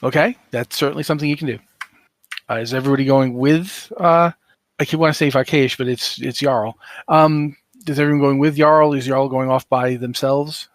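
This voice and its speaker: A man runs a tabletop game in a middle-pitched voice, rambling through vivid scene descriptions with plenty of fillers. The recording is dry and close. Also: fairly even intonation, normal speed, dry recording. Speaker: game master.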